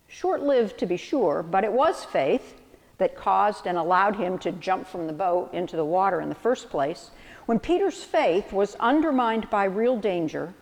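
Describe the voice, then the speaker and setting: A woman's voice: mid-range voice, a little mellow, big-room sound. A woman pastor delivering a sermon, reflective and storytelling with vivid analogies.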